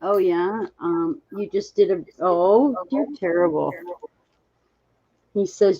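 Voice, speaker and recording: A woman's voice: lowish voice, slow, pauses often, dark tone, no room sound, dull audio. A woman hosting a live stream, chatting casually and reading out viewer comments as they come in. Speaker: livestream host.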